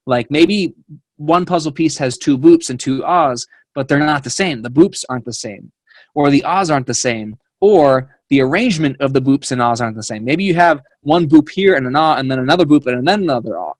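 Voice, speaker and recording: A playful grandfather in his later years, as a man puts on a higher, eager voice. He explains with earnest enthusiasm. The sound is dry and close. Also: expressive, brisk, no room sound, lightly acted. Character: playful older grandfather, musing over puzzles.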